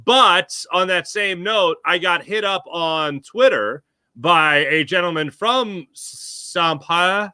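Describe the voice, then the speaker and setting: A man, a guest on a sports talk show, telling animated stories and acting out quotes. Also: sits high, slow, clear, resonant tone, no echo. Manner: animated storyteller, acts out quotes. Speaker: guest commentator. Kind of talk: casual sports chat.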